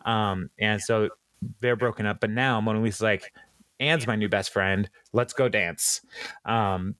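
A man's voice: on the low side, fairly even intonation, a bit bright, dry recording. Chatty man, dry close sound. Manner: rambling retelling with many ums and quick laughs. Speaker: podcast host recapping a TV episode. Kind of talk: casual chat.

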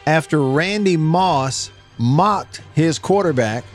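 A man with a Southern accent hosting a casual radio talk show, telling stories in a folksy, animated way. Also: on the high side, slow, faint music behind.

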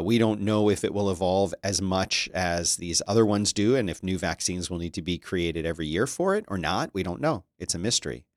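A man giving casual commentary as a streamer, reading news aloud with sarcastic, animated remarks and frequent laughter. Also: low voice, no room sound, clean studio sound.

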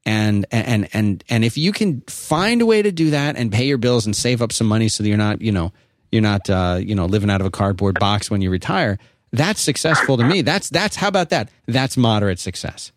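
A middle-aged man hosting a call-in podcast, chummy and animated, calling people dude. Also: lowish voice, a little fast, no echo, clean studio sound. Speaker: podcast host. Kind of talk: casual call-in chat.

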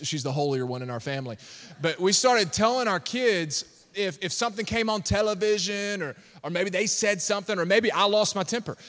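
A pastor, preaching a sermon with animated storytelling and laughter. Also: male voice, high-pitched. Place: church hall. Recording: long reverb of a church hall.

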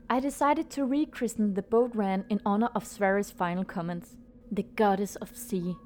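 A woman playing a student podcaster who chats hesitantly and then reads a ghost story aloud in a steady voice. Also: a little high, natural voice.

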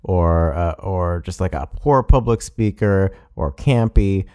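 A man talks through a speech clip in a loose, conversational way. His voice sits a little low. He restarts his sentences and fills the pauses as he explains. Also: animated, a little mellow, clean tone. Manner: conversational and admiring, with fillers and self-corrections. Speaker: speech commentator. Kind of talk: analytical commentary on a speech clip.

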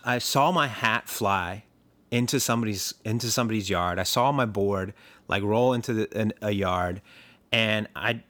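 A man's voice: on the low side, a little slow, fairly bright tone. A man telling a story in casual podcast chat, chuckling often and rambling with lots of fillers.

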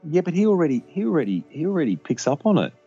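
A man, a podcast guest, talking reflectively about parenting in a halting, filler-heavy way. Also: a little high, very animated, warm tone, breathy edge, no room sound, lo-fi sound, faint music behind. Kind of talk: casual conversation.

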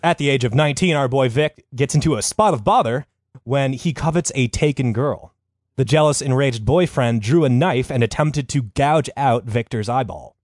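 A man hosting a comedy podcast, telling a story in a crude, joking manner. His voice sits at a middle pitch and sounds close and dry. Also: moderate pace, a little mellow, dry recording. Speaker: host.

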